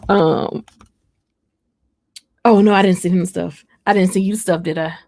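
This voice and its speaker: A woman's voice: on the low side, fairly even intonation, a little slow, a little mellow, no echo, clean studio sound. A young woman, chatting and telling a personal story to viewers on a live stream. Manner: storytelling, addresses viewers as y'all. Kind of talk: casual live chat.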